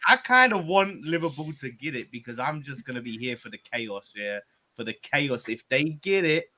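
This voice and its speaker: Bright, lively man on a podcast. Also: medium pitch, moderate pace. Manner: lively, jokey, mimics other fans. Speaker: podcast guest. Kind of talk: casual football podcast chat.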